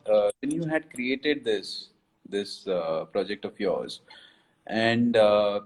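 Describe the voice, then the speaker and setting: A man's voice: lowish voice, takes it slowly, low-quality recording. A man with an Indian English accent, hosting a casual live-stream interview and speaking hesitantly with many filler sounds. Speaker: host.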